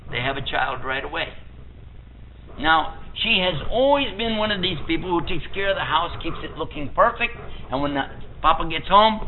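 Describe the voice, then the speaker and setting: A man's voice: on the high side, expressive, normal speed. An older man preaching a storytelling sermon, vividly telling a family story and acting out the people in it. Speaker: Islamic preacher. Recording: tinny phone-like lo-fi recording, faint hiss.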